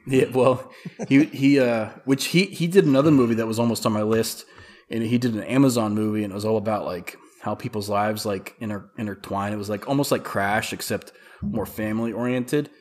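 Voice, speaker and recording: Low-voiced man telling rambling stories. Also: a little fast, darkish tone. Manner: rambling storyteller, heavy use of "like". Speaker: podcast guest. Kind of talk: casual chat.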